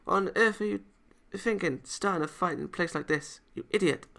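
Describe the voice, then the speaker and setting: Guy doing a fiery tomboy karate girl, high squeaky voice, bright tone, keeps calling people idiot. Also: normal speed, gravelly, exaggerated voice. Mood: flustered, scolding. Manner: scolding, flustered, calls people idiot. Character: boyish young female karate fighter, blunt and fiery.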